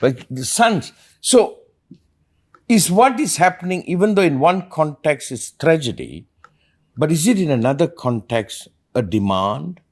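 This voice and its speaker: A man's voice: fairly high pitch, very animated, a little slow. A man, a spiritual teacher, talking earnestly in a reflective conversation and asking probing questions.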